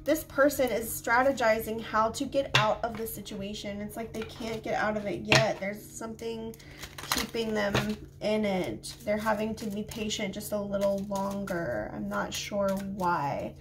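A woman's voice: medium pitch, measured pace, heavy background noise. A woman with a slight lisp doing a casual tarot reading, musing aloud as she draws cards, recorded on a phone. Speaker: tarot reader.

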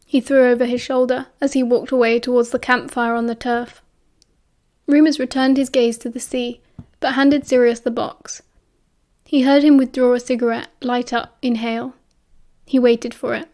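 A woman with a British accent reading an audiobook in an even, measured way. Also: on the high side. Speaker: audiobook narrator. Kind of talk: audiobook narration.

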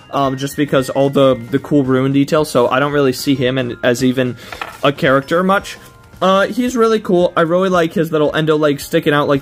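A man doing a casual unboxing review, rambling with lots of fillers and restarts as he gushes over details and complains about being let down. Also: a little high. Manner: gushing then letdown and complaining. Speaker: toy reviewer.

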